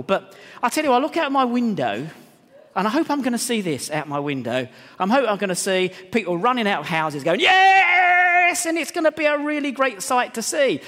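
Man, pastor, sermon, high lively voice, long church echo. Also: brisk. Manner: animated, storytelling, swings between hushed and loud.

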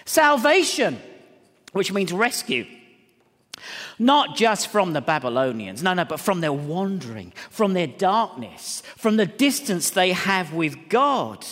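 A man preaching in a church, his high voice rising and falling with lively sweeps. He tells stories with animation, dropping to quiet asides and then ringing out. The sound carries a long hall echo. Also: unhurried. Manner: animated, storytelling, swings between hushed and loud. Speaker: pastor. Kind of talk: sermon.

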